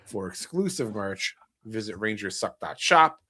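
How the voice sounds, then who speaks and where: A man's voice: fairly low pitch, sing-song, unhurried, pushed and bright, no echo. A middle-aged man hosting a podcast, telling a family story in a wry, casual way with dry humor. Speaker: podcast host.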